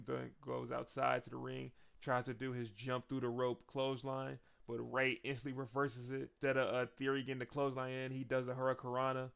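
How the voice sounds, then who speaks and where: A man's voice: medium pitch, vocal fry, fairly bright tone, clear, resonant tone. A man casually recapping a wrestling show as host, chatty, laughing often.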